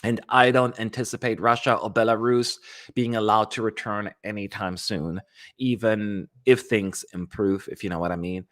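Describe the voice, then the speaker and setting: A man hosting a casual livestream for a fan channel, chatting in a rambling way and jumping into sudden high notes. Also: moderate pace. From California. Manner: chatty, rambling, animated with sudden pitch jumps.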